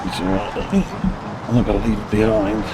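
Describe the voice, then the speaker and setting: A man streaming a racing game, chatting excitably and reacting to every turn of the race. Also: fairly low pitch, quick pace. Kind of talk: live racing game commentary. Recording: loud game car noise underneath. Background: loud racing car engine noise.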